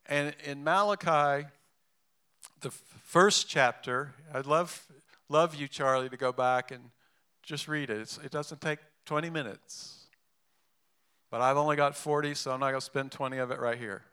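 Man pastor, sermon delivery, bright and clear voice, talky and animated. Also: fairly high pitch, normal speed. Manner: conversational, animated, with restarts and asides.

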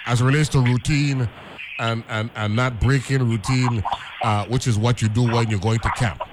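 A man's voice: mid-range voice, steady tone, normal speed, noisy background. A man hosting a radio talk show, rambling with many repeated words and asking "right?" often. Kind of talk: casual radio chat.

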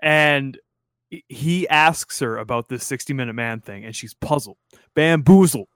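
A man co-hosting a casual podcast, relaxed, trailing off into wry asides. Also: medium pitch, a little slow, smooth, no room sound, clean studio sound. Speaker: podcast co-host. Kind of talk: casual chat.

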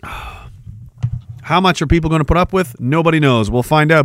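A Canadian man with a slightly high voice hosts a livestream at normal speed, reading viewer comments while ranting angrily and sarcastically with plenty of profanity. There's slight background noise.

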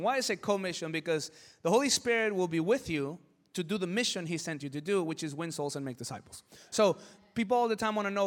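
A male pastor preaching a sermon, asking rhetorical questions and building to loud emphatic peaks. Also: high-pitched, quick pace, in a large hall.

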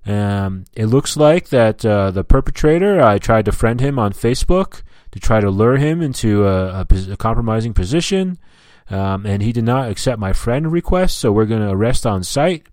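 Guy doing a loud officious trooper dude yapping on the phone, all uhs and ums, self-important. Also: on the low side, animated, no room sound, studio quality, lightly acted. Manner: officious, halting, full of fillers.

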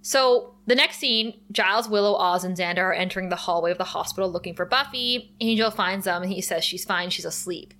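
A woman's voice: fairly low pitch, a little fast, few pauses, pushed and bright. A woman co-hosting a podcast, animatedly retelling an episode, laughing often and acting out the characters' lines. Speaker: podcast co-host. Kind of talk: casual recap chat.

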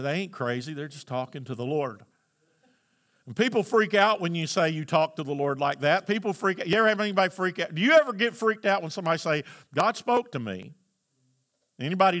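A male pastor preaching a sermon, asking the congregation for responses and building to shouted emphasis. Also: fairly high pitch.

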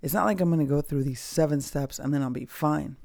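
A woman's voice: low voice, fairly quick, creaky, darkish tone, no room sound, clean studio sound. A woman hosting a personal podcast from home, talking candidly in a rambling, reflective way with many fillers and restarts. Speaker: podcast host. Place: at home, dogs nearby.

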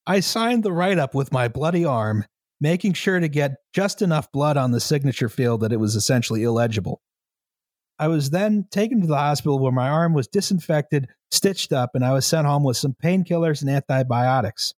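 A man's voice: fairly high pitch, animated, darkish tone, dry recording. Man reading a story aloud, dry mic. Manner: measured storytelling, breaks into laughter. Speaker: story reader.

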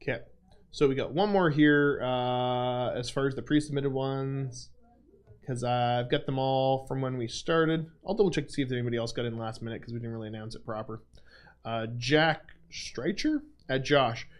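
A man's voice: mid-range voice, normal speed, clean tone. A young man hosting a livestream Q&A, chatting casually with lots of fillers and self-deprecating asides. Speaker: livestream host.

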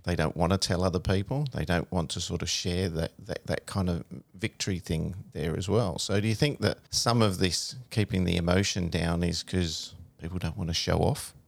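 A man's voice: deep voice, fairly even intonation, moderate pace, gravelly, hardly any pauses, no echo. A middle-aged man hosting a studio interview, talking in a conversational way with fillers and restarts. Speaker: show host.

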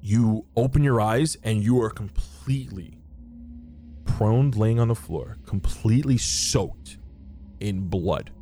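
A man's voice: on the low side, takes it slowly, mellow, soft background music. A man narrating a tabletop role-playing game as game master, describing scenes with frequent fillers and restarts.

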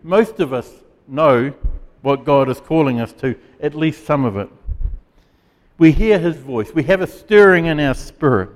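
A man preaching a sermon as pastor, earnest and emphatic, with dramatic pauses. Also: fairly high pitch, animated, in a large hall.

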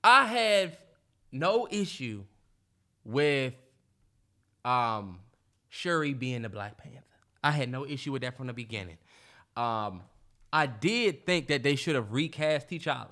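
Bright-voiced animated podcast guy. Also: mid-range voice, unhurried, long pauses. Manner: animated, emphatic, lots of slang and ums. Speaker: podcast co-host. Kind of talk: casual chat.

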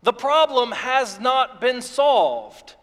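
Pastor guy preaching, earnest and repetitive, pretty high voice, long hall echo. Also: expressive, takes it slowly, fairly bright tone. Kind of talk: sermon.

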